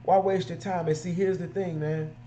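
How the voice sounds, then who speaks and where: A man's voice: sits high, flat delivery, moderate pace, mellow, lo-fi sound, slight background noise. A man who runs a mobile detailing business, giving emphatic, repetitive, street-casual advice.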